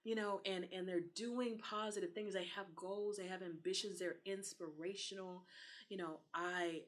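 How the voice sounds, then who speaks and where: A woman's voice: medium pitch, fairly even intonation, moderate pace. A woman, talking earnestly in a casual podcast conversation and acting out the voices she quotes. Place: Texas.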